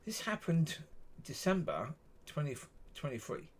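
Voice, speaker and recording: A man talking straight to camera in a loose, rambling monologue. His voice is husky, and his pitch swings widely as he circles back over the same points. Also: very animated, a little slow. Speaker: vlogger.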